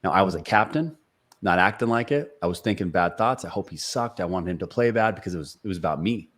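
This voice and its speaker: A man's voice: deep voice, lively intonation, fast talker, fairly bright tone. A man in his forties, a sales speaker and author, telling a personal story as a podcast guest in an earnest, motivational way with restarts and fillers. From Seattle area. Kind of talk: conversational storytelling interview.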